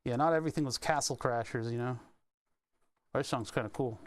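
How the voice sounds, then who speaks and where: A man's voice: mid-range voice, brisk. A man chatting casually on his stream, rambling and restarting sentences with little chuckles. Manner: rambling, self-interrupting, chuckling.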